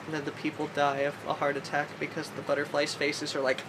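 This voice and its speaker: A woman's voice: low voice, monotone, fast talker, few pauses, background noise. A woman vlogging alone from her bedroom at night, rambling in a silly way with sudden squeals and sing-song bits. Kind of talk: goofy solo vlog.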